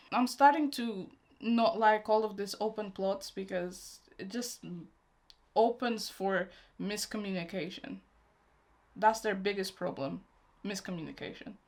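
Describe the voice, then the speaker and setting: A woman's voice: fairly high pitch, darkish tone. A young woman hosting a reaction video, chatting casually and emotionally, talking back at the screen.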